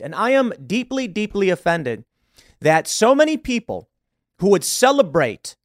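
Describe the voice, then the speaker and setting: A man delivers solo commentary as a show host, emphatic and opinionated and fond of rhetorical questions. His voice sits a little higher than most men's. The sound is dry and close, with no room around it. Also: no room sound.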